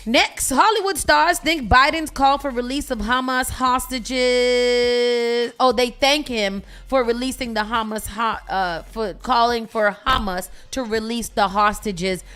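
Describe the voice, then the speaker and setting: A woman's voice: a little high, unhurried, clean tone. Woman radio host reading news. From United States. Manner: animated, reads news items aloud and comments. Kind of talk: casual morning-show chat.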